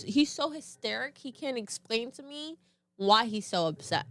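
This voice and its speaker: A young woman chatting on a podcast, her pitch rising and falling in animated swings as she jumps into quoted voices. Her voice sits a little high and comes across dry and close, with no room sound. She laughs easily as she tells the story. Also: fairly quick, dry recording. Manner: laughs often. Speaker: podcast co-host. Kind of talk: casual storytelling chat.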